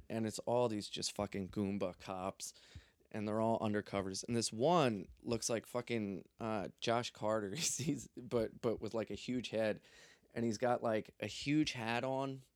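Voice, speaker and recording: A man's voice: on the low side, dry recording, studio quality. A young man telling a story in a loose, profane, joking way. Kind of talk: casual storytelling.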